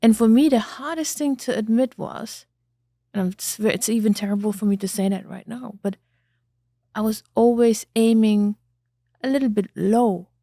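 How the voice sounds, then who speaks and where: A woman's voice: fairly high pitch, moderate pace, warm tone, no echo, studio quality. A woman hosting an interview podcast, speaking reflectively and searching for her words. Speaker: podcast host. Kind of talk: interview conversation.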